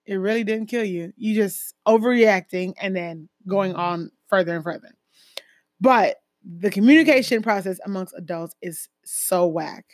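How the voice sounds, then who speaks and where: A woman from a Jamaican family talking casually about her life, full of fillers and lively emphasis. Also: mid-range voice, normal speed, no room sound, clean studio sound. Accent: American with Jamaican-family roots. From Caribbean, Jamaican family. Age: adult, a mother. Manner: conversational, lots of fillers, animated emphasis. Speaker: speaker sharing personal stories. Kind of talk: casual personal talk.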